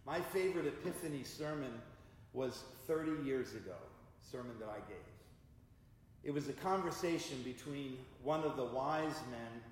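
A male pastor preaching a sermon in a church, measured and deliberate. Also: medium pitch, slight background noise. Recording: echoey church hall.

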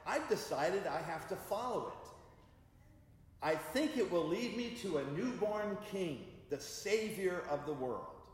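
A man's voice: high voice, lively intonation, measured pace, very echoey, big-room sound, pitched above the performer's own voice. A man playing an earnest, eager wise man talking to his wife in a sermon. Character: hopeful ancient wise man, earnest husband.

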